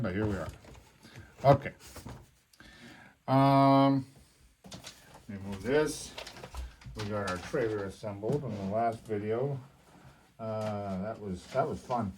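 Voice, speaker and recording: A man's voice: fairly low pitch, slow pace, long pauses, darkish tone, a little hiss or hum. A man talking casually while building a hobby kit, with lots of fillers and frequent swearing. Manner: casual and profane, with many fillers. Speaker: hobby vlogger.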